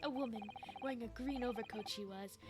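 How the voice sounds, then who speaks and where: A woman voicing a frightened young male student with a dramatic put-on accent, over loud game music. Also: a little high, brisk, lightly acted.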